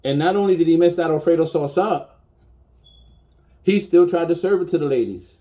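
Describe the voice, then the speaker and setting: Blunt mellow-voiced man in his fifties. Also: fairly high pitch, moderate pace. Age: 50s. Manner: blunt, defiant and emotional, repeating points for emphasis. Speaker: chef. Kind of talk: personal video rant.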